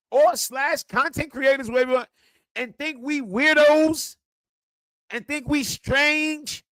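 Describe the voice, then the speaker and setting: A man rants on a casual livestream, cursing freely and jumping from low mutters to loud outbursts. His voice sits very high for a man and sounds bright and sharp. It is close and dry, with no room sound. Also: no echo. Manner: profane, animated ranting that swings loud and quiet. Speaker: streamer and football content creator.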